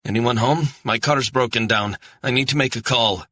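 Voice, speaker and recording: A man's voice: on the low side, a little fast, bright, forceful tone, breathy edge, no echo, pitched above the performer's own voice. A man voicing a young, educated Scottish woman who is stranded and apologetic, speaking in a pleading, earnest way. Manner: pleading, rising urgency, apologetic.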